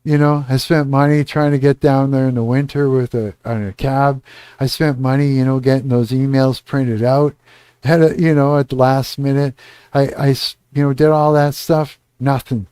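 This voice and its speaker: A man's voice: mid-range voice, flat delivery, moderate pace, dark tone, clean tone, no echo. A man live streaming, telling a rambling story in casual talk and acting out both sides of an argument, often asking "you know what I mean".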